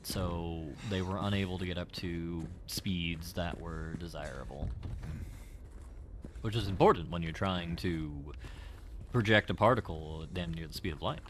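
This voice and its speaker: Man, very low voice, game streamer, casual wry commentary, digressive. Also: unhurried, a bit bright, slight background noise.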